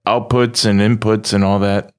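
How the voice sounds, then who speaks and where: A man's voice: on the low side, little pitch movement, moderate pace, darkish tone, clear, resonant tone. A man co-hosting a casual podcast, playful and rambling, often losing his thread. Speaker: podcast co-host.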